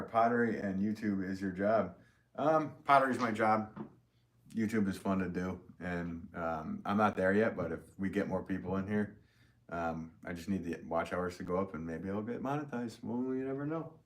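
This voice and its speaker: Man, middle-aged, very low voice, rambling friendly live-stream host, reads chat aloud, faint background hiss. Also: normal speed. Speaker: potter hosting a live stream.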